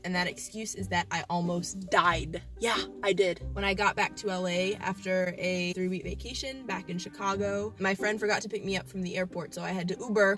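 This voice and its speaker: A young woman vlogging in a casual diary style, playful and dramatic, swinging between musing and mock despair. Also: lowish voice. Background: music.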